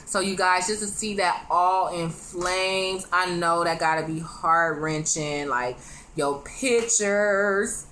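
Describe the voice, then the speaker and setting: This TV show reviewer speaks at normal speed in a mid-range voice that's bright and forceful, though her intonation stays fairly even. She gives a chatty, conversational recap of a drama episode to her viewers, acting out the characters' lines, over a little hiss or hum.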